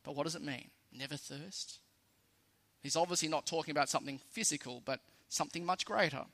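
A man's voice: a little high, a little fast, gravelly, fairly bright tone. A man with an Australian accent preaching a sermon in a conversational, lightly humorous way, stressing key phrases.

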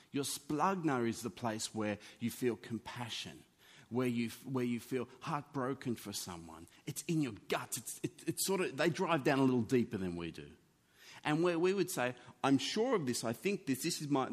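A man preaching a sermon in an animated, conversational teaching manner. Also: medium pitch. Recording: long hall reverb.

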